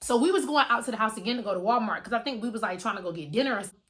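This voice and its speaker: A young woman vlogger telling a story in a casual, animated and profane way, talking straight to her viewers. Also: a little high, very fast.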